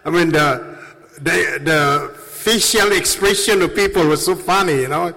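Slow rambling man in a reverberant hall. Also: a little high, creaky, sharp tone. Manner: rambling, halting, laughs at own stories. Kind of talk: casual storytelling with jokes. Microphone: handheld microphone. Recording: long reverb of a large hall.

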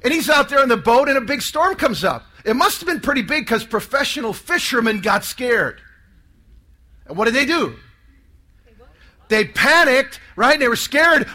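A man's voice: extremely high pitch, animated, moderate pace, pushed and bright. A man preaching a sermon to a live audience, emphatic and calling for responses.

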